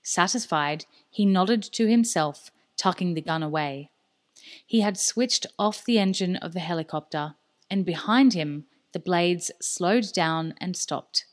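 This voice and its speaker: Brief: woman reading a thriller audiobook, measured and steady. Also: fairly low pitch. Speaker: audiobook reader. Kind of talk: scripted narration.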